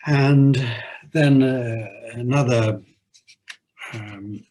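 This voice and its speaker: A man lecturing on poetry at a university, hesitant, with many filler pauses. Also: on the low side, steady tone, darkish tone, slight background noise, low-quality recording. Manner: reads verse aloud in a measured rhythm.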